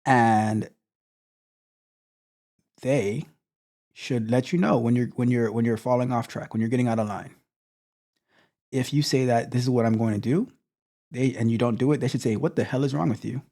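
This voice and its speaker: Blunt man with a dark voice. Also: medium pitch, steady tone, moderate pace, long pauses. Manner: blunt, repetitive, stammering restarts. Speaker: tech coach. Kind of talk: motivational talk to stream viewers.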